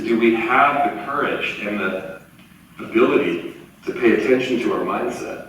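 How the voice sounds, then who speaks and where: A man in his forties giving an earnest, animated motivational talk in a university event hall. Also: fairly low pitch, a little hiss or hum. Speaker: keynote speaker. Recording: echoey hall, far from the mic.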